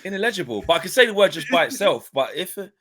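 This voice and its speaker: A young man co-hosting a podcast, talking in lively, hype banter. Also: a little high, fast talker. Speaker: podcast co-host. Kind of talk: casual chat.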